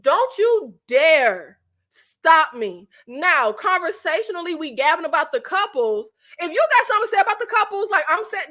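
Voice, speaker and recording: A female vlogger rants about a reality dating show at a normal pace, her voice very high, bright, and sharp. She's talkative and emphatic, swearing freely, laughing often, and repeating phrases in casual, animated commentary.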